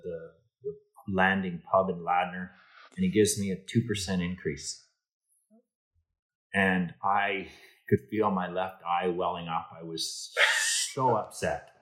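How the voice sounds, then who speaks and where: A middle-aged man with a low, deep voice shares workplace stories in a relaxed interview. He slips into quoted dialogue with energy. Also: unhurried, rough recording. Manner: animated anecdotes, acts out quoted dialogue. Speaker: insurance executive, podcast guest. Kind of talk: casual storytelling interview.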